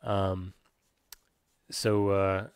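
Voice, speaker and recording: Profane ranting podcast host, dry sound. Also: male voice, low voice, flat delivery, extremely slow, smooth, no echo. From Pennsylvania. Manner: profane, ranting, many restarts and fillers.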